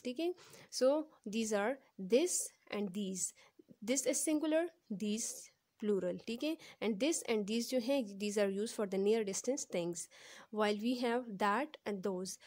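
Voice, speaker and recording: A young woman teaching English grammar, switching between English and Hindi and slowly repeating each example sentence. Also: fairly high pitch, mellow. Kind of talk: explaining grammar in a lesson.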